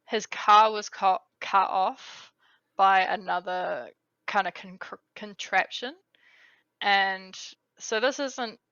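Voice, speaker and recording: A woman's voice: mid-range voice, pushed and bright, clear, resonant tone, no echo, lo-fi sound. A woman with a New Zealand accent co-hosting a podcast in casual chat, chatty with lots of fillers. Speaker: podcast co-host.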